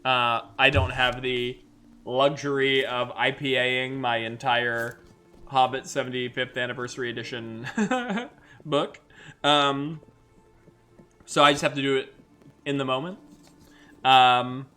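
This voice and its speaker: Bright-voiced voice actor riffing casually. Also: male voice, medium pitch, slow pace, long pauses, clean tone, faint music behind. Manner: rambling, animated, many fillers. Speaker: host and voice actor. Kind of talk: casual livestream chat.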